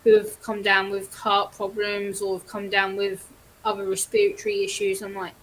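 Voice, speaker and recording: A woman's voice: medium pitch, completely flat delivery, moderate pace, slight background noise, rough recording. A woman talking frankly as a guest on a casual livestream, stating firm opinions and laughing them off. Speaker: stream guest.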